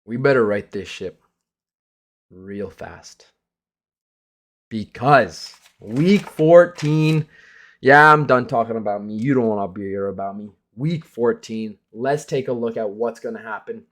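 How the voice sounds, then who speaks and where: A man's voice: fairly low pitch, normal speed, a bit bright. A young man, the league commissioner, giving a casual self-mocking recap of his fantasy hockey league, swearing freely.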